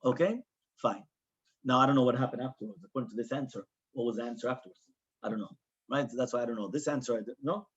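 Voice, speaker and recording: A man's voice: mid-range voice, fast, slightly rough, lo-fi sound. A man teaching a Talmud class as a rabbi, explaining the text with lots of rhetorical questions and quoted Hebrew and Aramaic.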